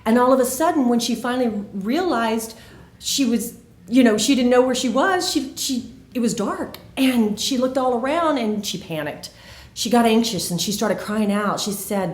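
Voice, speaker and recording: A woman's voice: fairly high pitch, lively intonation, moderate pace, echoey room. Earnest woman sharing a faith testimony. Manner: earnest, emphatic storytelling. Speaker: faith video host.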